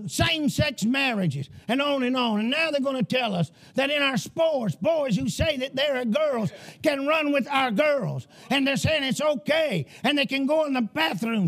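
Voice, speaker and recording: A male preacher delivering a fiery sermon, often shouting and emphatic. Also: very high voice.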